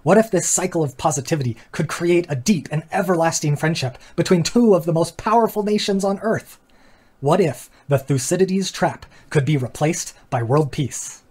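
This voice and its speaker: A man's voice: on the high side, moderate pace, darkish tone, breathy edge. A man hosting a philosophy channel, giving an earnest, reflective explanatory talk that builds rhetorical questions and walks through diagrams with casual asides. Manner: casual asides with fillers and small laughs.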